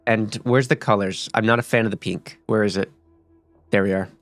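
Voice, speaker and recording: A man's voice: on the low side, fairly even intonation, moderate pace, fairly bright tone, no room sound, faint music behind. Rambling, profane young man gaming. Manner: rambling and profane, with many fillers and restarts. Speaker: gaming streamer. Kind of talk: casual gaming commentary.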